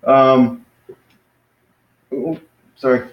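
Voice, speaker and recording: Man, casual teacher, hesitant, self-correcting, mid pitch, roomy echo. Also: fairly even intonation, very slow, lo-fi sound. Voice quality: hesitant, many fillers and restarts, self-correcting. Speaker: Greek teacher.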